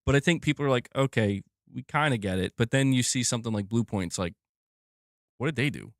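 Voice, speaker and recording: Male gaming streamer, angry profane rant, lively swooping pitch, dry close sound. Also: quick pace, no room sound. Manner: angry, profane, repetitive outbursts.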